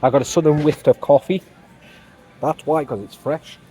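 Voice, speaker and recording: English man, vlogger, rambling shopping chatter, slightly high voice. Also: moderate pace, warm tone. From England. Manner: chatty, rambling, many small exclamations. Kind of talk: casual chat while shopping.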